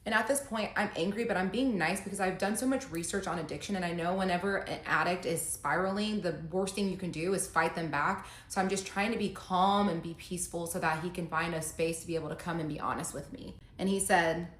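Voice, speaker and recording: A woman's voice: lowish voice, a little fast, few pauses, fairly bright tone. A woman telling her own breakup story in a casual monologue, emotional, reading messages aloud in her own voice. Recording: echoey room.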